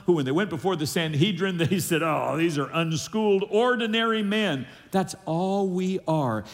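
Male pastor, slightly high voice, emphatic sermon delivery, long reverb from a church hall. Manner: emphatic preaching with audience call-and-response. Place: church sanctuary.

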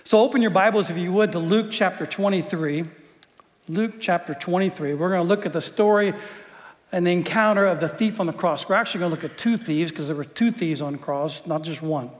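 Guy pastor with a high voice, loose jokey sermon, repeats himself a lot, lots of hall echo. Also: a little fast. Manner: conversational and joking, often repeats words. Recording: long hall reverb.

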